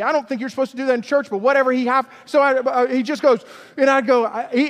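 A man's voice: very high voice, fast, fairly bright tone, long reverb tail. A man in his forties, a pastor, telling a humorous, self-deprecating story in a sermon.

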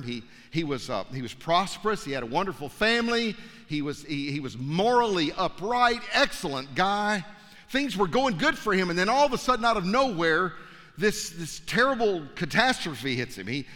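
A man preaching a sermon, telling a story with animated energy and stumbling repeats. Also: high-pitched. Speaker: pastor. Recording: long hall reverb.

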